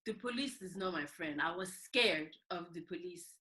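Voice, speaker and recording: A woman's voice: lowish voice, moderate pace, low-quality recording. A woman from Nigeria telling stories in a casual podcast chat, acting out the voices of the people in them. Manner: animated, acts out voices in her stories. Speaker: podcast guest.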